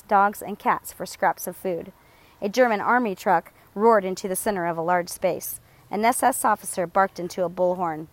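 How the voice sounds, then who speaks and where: A woman narrating a chapter of an audiobook in a steady, measured storytelling voice. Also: medium pitch, dry recording. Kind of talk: scripted narration.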